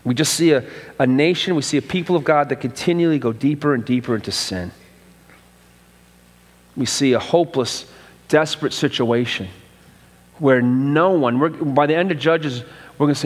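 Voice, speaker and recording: A man's voice: mid-range voice, moderate pace, long pauses. Man preaching in a reverberant church. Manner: conversational preaching with repeated restarts and acted-out quotes. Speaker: pastor. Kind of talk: sermon. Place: church sanctuary.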